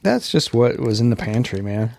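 A man's voice: mid-range voice, sing-song, normal speed, gravelly, darkish tone, slight background noise. A man co-hosting a casual remote podcast, rambling and joking along with his partner. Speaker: podcast co-host.

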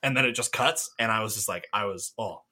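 A young man in casual podcast chat, talking in long enthusiastic runs full of fillers and the odd swear word. His voice is bright and forward. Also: lowish voice, quick pace, slightly rough. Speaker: podcast co-host.

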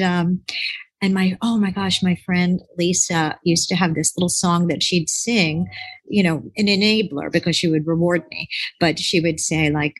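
Husky, low-pitched woman telling a rambling story. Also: dry recording, low-quality recording. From United States. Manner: rambling, animated, acts out quoted voices. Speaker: author and relationship expert, podcast guest. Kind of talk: casual interview storytelling.

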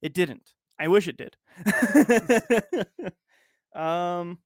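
A man co-hosting a podcast, running a trivia game in casual chat, animated and jokey, laughing often. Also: high-pitched, extremely slow, dry recording, clean studio sound.

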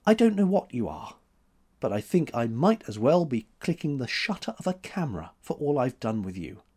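A man's voice: big pitch swings, darkish tone, breathy edge. A man voicing a spirited, defiant young woman sculptor who talks in a raised, teasing voice. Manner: teasing, quick-tempered, higher voice.

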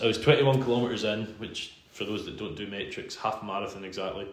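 A man's voice: on the low side, steady tone, moderate pace, few pauses. A man with a Scottish accent, a podcast host now the guest, telling a long story in a chatty, self-deprecating way with frequent laughs. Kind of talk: casual storytelling in a podcast interview. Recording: roomy room sound with faint background hum.

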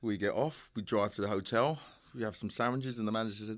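A man's voice: on the low side, fairly quick, noisy background. A man telling a funny story in casual chat, giggling as he goes.

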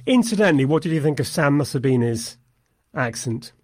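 A man's voice: on the high side, very animated, a little fast, dry recording. A man discussing a film in casual conversation, thoughtful and analytical with wry asides. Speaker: film podcast co-host.

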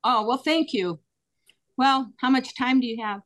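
A middle-aged woman, a guest telling personal stories in an interview, earnest and animated with frequent fillers. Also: high voice, a little slow. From United States.

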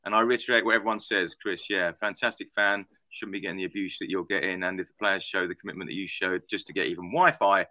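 A man who is a podcast guest, chatting in a relaxed way. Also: sits low, quick pace, few pauses, dry recording. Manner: relaxed, chatty, laughs easily. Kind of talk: casual chat.

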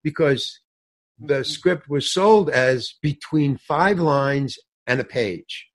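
An older man with a somewhat high voice tells an animated story, his pitch bouncing all over as he plays out every character. He laughs mid-sentence and swears casually, like a seasoned storyteller in an interview. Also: slow pace. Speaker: guest actor telling a story. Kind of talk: animated anecdote with acted-out quotes.

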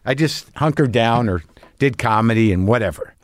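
A man's voice: medium pitch, lively intonation, normal speed, no echo, clean studio sound. A middle-aged man hosting a podcast, talking in a profane, anxious, rambling casual monologue. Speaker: podcast host.

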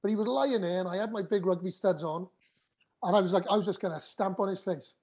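A man's voice: high-pitched, fast talker, a little mellow. A man in his forties, a former rugby player and guest, telling his story frankly and with feeling, swearing and restarting often. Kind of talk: candid storytelling in a podcast chat.

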